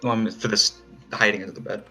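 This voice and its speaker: A man playing a tabletop game, chatting and joking in relaxed banter. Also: fairly low pitch, quick pace, faint music behind. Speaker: player. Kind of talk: casual tabletop game chat.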